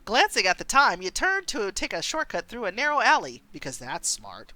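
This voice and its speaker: Expressive woman streamer reading a story game. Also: medium pitch, normal speed, dry recording. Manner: expressive reading with wry asides.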